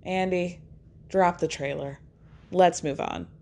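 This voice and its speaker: A woman hosts a loose, chatty recap, her voice lifting high whenever she acts out someone's lines. She laughs often and keeps the energy animated. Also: slow, creaky, background noise. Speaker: podcast host recapping reality TV. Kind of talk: casual chat recap.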